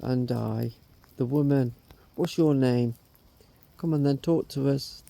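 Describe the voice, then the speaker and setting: Gravelly dark-voiced man coaxing spirits. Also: medium pitch, no room sound. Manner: slow, coaxing questions to spirits. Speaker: paranormal investigator. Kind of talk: ghost hunt calling out to spirits.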